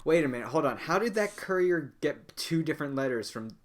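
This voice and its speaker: A man's voice: fairly high pitch, lively intonation, fairly quick. A man playing a tabletop game with friends, crude and playful, often stumbling over his words. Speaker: player. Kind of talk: tabletop role-play.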